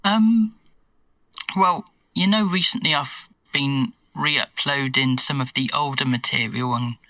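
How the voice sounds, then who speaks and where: A man's voice: mid-range voice, unhurried, sharp tone, no room sound, far from the mic, poor audio. A man with an English accent, a guest in a casual online chat, hesitant and wordy. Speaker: guest scambaiter. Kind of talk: casual video-call chat.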